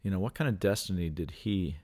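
A man with a notably deep, low voice, thinking aloud in a reflective, conversational way. He fills his sentences with casual hedging phrases as he talks about faith. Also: fairly quick, a little mellow. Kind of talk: faith-based casual chat.

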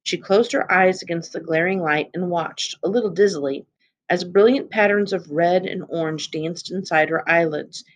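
A woman reading a children's novel aloud in a steady, expressive narration. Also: lowish voice, normal speed. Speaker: reader.

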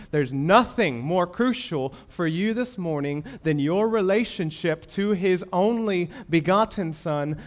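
A man preaching a sermon as pastor, moving between loud emphatic declarations and hushed, reverent passages. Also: fairly high pitch.

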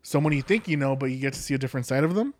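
A man's voice: medium pitch, animated, very fast, a little mellow, no echo. Crude, bantering podcast co-host man. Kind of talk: casual chat.

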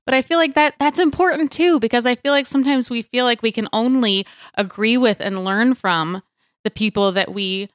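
A young adult woman hosts a casual faith podcast, talking earnestly and chattily with lots of fillers. Her slightly high voice is smooth and at normal speed, recorded with clean studio sound and no room noise.

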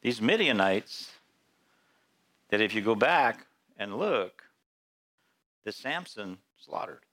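A male pastor preaching a sermon in church, telling Bible stories in an animated way and acting out the characters' voices. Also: fairly low pitch, slow.

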